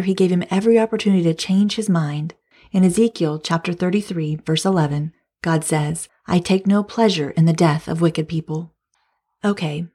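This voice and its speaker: A woman teaching the Bible, reading scripture aloud and adding commentary in a calm, measured way. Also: fairly low pitch, slightly rough.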